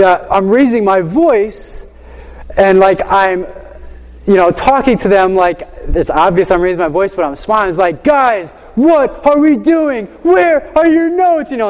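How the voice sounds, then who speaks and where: A man with a high voice tells a long classroom story in a loose, animated way, full of "you know" and "like." His voice rings out with a long reverb behind it. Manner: animated, chatty, many fillers like "you know". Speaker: high school teacher. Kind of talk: casual storytelling.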